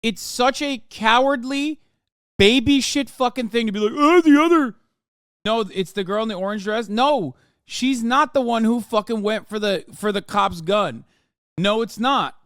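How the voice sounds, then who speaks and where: A man's voice: sits high, moderate pace, fairly bright tone, smooth, no room sound, studio quality. A man in his thirties hosting a live stream, reacting to a video and ranting to his chat in heated, profane outbursts. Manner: talks straight to his chat. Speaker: livestream host.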